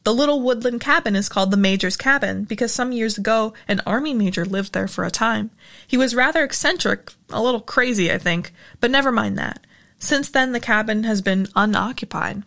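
A woman's voice: a little high, a little fast, creaky, fairly bright tone. A woman reading the part of an anxious, demanding mother in an audiobook, with an insistent questioning manner. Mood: explaining. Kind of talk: audiobook character voice.

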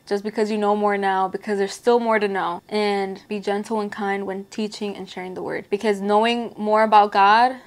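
A woman's voice: mid-range voice, little pitch movement, normal speed, hardly any pauses. A woman giving a casual, earnest talk about her Christian faith to camera, speaking conversationally with frequent filler words. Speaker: Christian vlogger.

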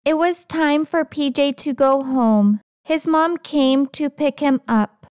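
A woman's voice: high voice, slow pace, darkish tone, dry recording, clean studio sound. A young adult woman reading a children's book aloud in a friendly storytelling manner. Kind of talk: children's read-aloud narration.

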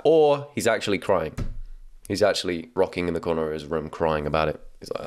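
A man's voice: low voice, animated, brisk. A young man hosting comedic reaction commentary, wry and casual, laughing often and swearing freely. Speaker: commentary host.

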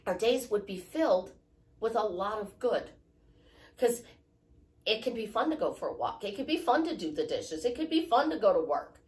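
A woman's voice: mid-range voice, lively intonation, normal speed, a little mellow. A woman life coach giving a chatty, motivational talk, repeating her points and joking about herself. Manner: chatty, repetitive, self-deprecating. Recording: voice from a distant mic.

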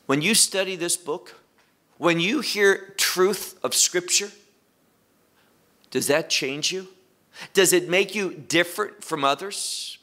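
A man teaching the Bible verse by verse, deliberate and repeating key phrases for emphasis, pausing to put questions to his listeners. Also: sits high, bright, forceful tone. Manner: asks listeners direct questions.

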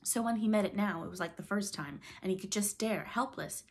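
A woman narrating a classic children's storybook in a dramatic, expressive reading style. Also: mid-range voice, brisk. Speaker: audiobook narrator.

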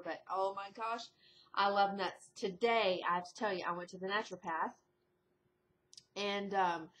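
A woman vlogger chatting casually at home in a rambling video diary, breaking into high, excited exclamations. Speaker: diet vlogger. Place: indoors at home.

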